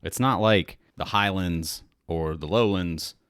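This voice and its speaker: Man, very deep voice, dry close mic, easygoing podcast chat, short agreeable replies. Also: slow pace, a bit bright, clear, resonant tone, no echo. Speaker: podcast co-host. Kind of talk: casual whiskey tasting chat.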